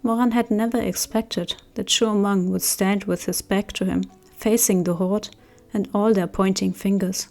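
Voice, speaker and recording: A woman reading an audiobook, narrating in a steady, measured way. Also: medium pitch, creaky, faint music behind. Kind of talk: scripted narration.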